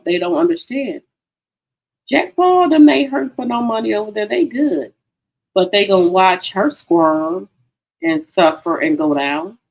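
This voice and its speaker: Woman livestream host, gossip chat, low-ish gravelly voice, swears freely. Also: rough recording. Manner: chatty, profane, addresses viewers as girlfriends.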